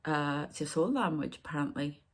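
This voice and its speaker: Husky, low-voiced woman medium. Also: brisk. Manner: meandering, drifts into hushed whispered asides. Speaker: psychic medium. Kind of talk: rambling spiritual channelling monologue.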